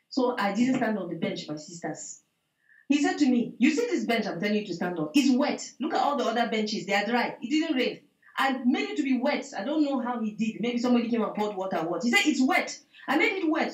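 A woman giving a spoken testimony to a prayer meeting over a video call, telling her story with lively acted-out dialogue. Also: a little high, roomy sound, low-quality recording. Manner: animated storytelling, acts out dialogue, repeats "I said". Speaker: church member giving testimony.

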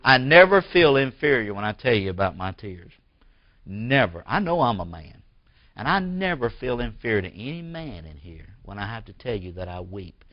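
A man preaching a sermon as pastor in a church. He swings from forceful bursts to quiet, hushed lines. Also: lowish voice, very animated, normal speed, no echo, lo-fi sound. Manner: preaching with rising emphatic bursts and drops to near-whisper.

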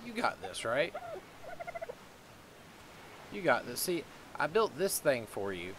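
A man's voice: medium pitch, very animated, slow. A man doing in-character game roleplay, coaxing and cheering on his pet creature. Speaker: roleplaying gamer. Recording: loud game wind and ocean noise.

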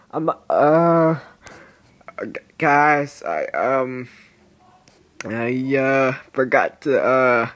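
Speaking extremely slowly with long pauses, this teen gaming creator sounds animated, with a fairly bright male voice that is breaking with adolescence. His casual gameplay commentary is goofy and rambling, punctuated by squeaky silly voices.

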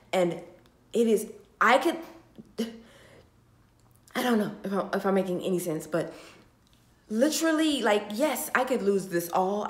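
Tearful young woman vlogger, roomy echo. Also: medium pitch. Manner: heartfelt, repetitive, swinging between hushed and loud. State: tearful, sighing. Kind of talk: emotional talk to camera. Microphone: phone camera.

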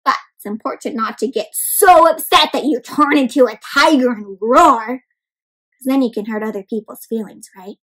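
Lady doing a kids read-aloud, high voice, keeps asking the little ones questions, gentle teacher vibe. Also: brisk, slightly rough, rough recording. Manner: asks children questions, addresses them as "my friends". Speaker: children's story reader.

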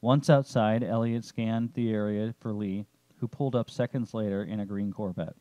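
A man narrating a story chapter in a steady, descriptive way. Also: on the low side, normal speed, dry recording, muffled recording.

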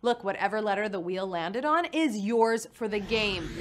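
A woman's voice: medium pitch, normal speed, noisy background. A young woman hosting a live quiz show, playful and punny, chatting with her players. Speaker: game show host. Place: studio in New York.

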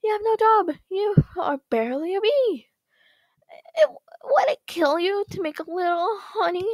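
A woman's voice: extremely high pitch, expressive, a little slow, no echo, pitched above the performer's own voice. A woman voicing a nagging, exasperated middle-aged bee mother.

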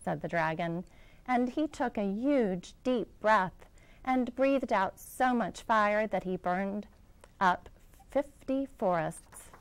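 A woman, a school director, reading a children's picture book aloud in a gentle storytelling manner. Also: mid-range voice, slow pace, smooth, poor audio.

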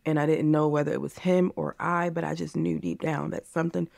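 A woman's voice: low voice, little pitch movement, brisk, vocal fry, a little mellow, no echo, studio quality. A woman in her forties from the United States, a podcast guest speaking earnestly and with passion in a candid interview, often calling listeners "you guys.".

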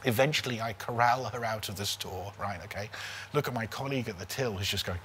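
A man's voice: fairly low pitch, brisk. Forties male comedian, chatty anecdote teller, keeps asking "right?", slight background hiss. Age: 40s. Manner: animated, keeps tagging lines with "right?". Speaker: comedian guest. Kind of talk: casual comic storytelling.

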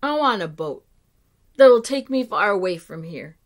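A woman reading the lines of a boy who grows into a tired old man, in a plain, slightly lower, firmer storybook voice. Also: expressive, normal speed, close to an everyday voice. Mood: wanting.

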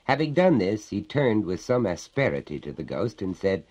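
A man narrating a storybook tale in a theatrical, wry and measured way. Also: fairly low pitch, big pitch swings, darkish tone, low-quality recording. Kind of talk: dramatic storybook reading.

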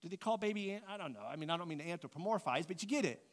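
A middle-aged man, teaching an adult class in a lively, casual way, thinking out loud and asking the group questions. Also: high-pitched, very fast.

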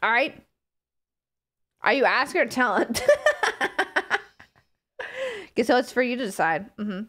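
A woman's voice: fairly high pitch, a little slow, pauses often, sharp tone. A woman in her thirties chatting casually with her stream, giggling often and swearing freely. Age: 30s. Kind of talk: casual live-stream chat.

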